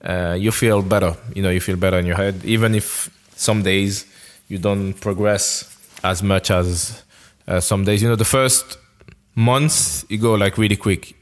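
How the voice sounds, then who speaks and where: Hesitant man, lowish voice. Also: fairly even intonation, measured pace. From France. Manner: hesitant, searching for words with many restarts. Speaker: interview guest, former footballer. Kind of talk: casual conversational interview.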